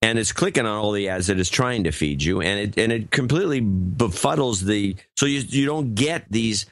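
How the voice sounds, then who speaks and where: A man's voice: on the low side, animated, moderate pace, dry recording. A middle-aged man co-hosting a political podcast, blunt and skeptical, explaining things in a casual way. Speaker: podcast co-host.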